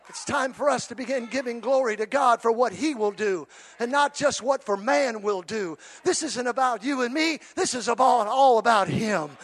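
A middle-aged male pastor preaching a sermon, swinging from shouted, fervent declarations to soft, conversational storytelling. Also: very high-pitched, normal speed.

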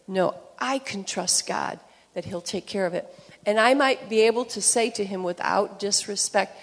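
A woman's voice: medium pitch, measured pace, gravelly, slightly rough. A woman speaking earnestly in a church sermon. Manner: earnest, speaks of trusting God. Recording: long reverb of a hall.

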